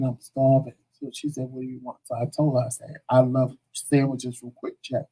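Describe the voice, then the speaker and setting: A man on a talk show telling his own story in a casual, animated way, acting out the voices of the people he quotes. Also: mid-range voice, low-quality recording.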